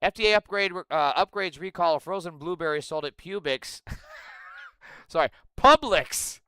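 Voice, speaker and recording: A man hosting a livestream, ranting profanely and sarcastically and breaking into yelling outbursts. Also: on the high side, a little fast, smooth, no echo. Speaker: livestream host.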